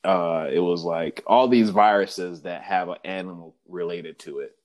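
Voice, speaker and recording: A man's voice: sits low, unhurried. A man co-hosting a casual chat, slangy and rambling, acting out quotes as he talks.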